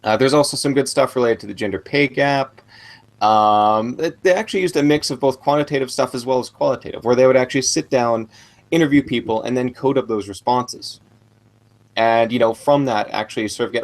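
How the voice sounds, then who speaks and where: A man's voice: medium pitch, a little fast. Casual man speaking over a video call. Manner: casual, hedging, many fillers. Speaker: guest, computer scientist.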